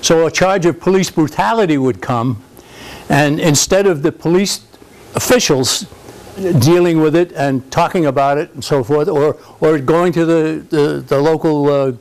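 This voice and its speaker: A man's voice: on the high side, moderate pace, a little mellow, low-quality recording. Older man giving a rambling talk. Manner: rambling, conversational, frequent restarts and fillers. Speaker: speaker at a political society event. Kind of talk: informal speech to a live audience. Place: country club function room.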